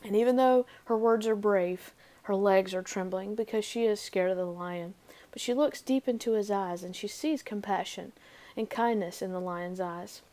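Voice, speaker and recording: Woman storyteller, expressive read-aloud of a fairy tale. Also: medium pitch, moderate pace. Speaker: storybook reader.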